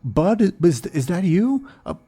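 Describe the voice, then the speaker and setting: A man's voice: sits high, sing-song, a little slow, mellow, breathy edge, pitched above the performer's own voice, full character voice. A man voicing a frightened captured male sailor who stammers and pleads, in a tabletop role-play game. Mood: pleading.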